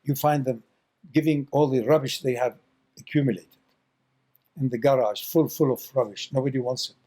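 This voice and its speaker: A man's voice: medium pitch, steady tone, moderate pace, mellow, rough recording. A man giving an informal spiritual talk as a Sufi teacher, telling stories with blunt, teasing remarks and repeating words for emphasis.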